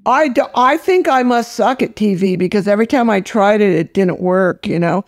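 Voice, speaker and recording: A woman's voice: mid-range voice, moderate pace, a little mellow, dry recording, studio quality. Older woman, film director, blunt, salty, casual storytelling. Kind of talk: casual interview chat.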